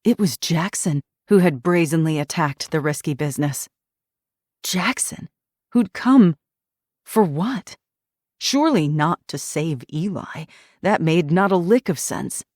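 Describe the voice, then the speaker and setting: A woman narrating a thriller audiobook in an even, measured reading. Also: low-pitched, no room sound, clean studio sound.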